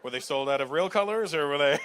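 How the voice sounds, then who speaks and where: This middle-aged comedian's fairly high, lively voice moves fast as he does crowd work, teasing people and chuckling at his jokes. It was taped live at a comedy venue with an audience, so crowd and hall noise come through.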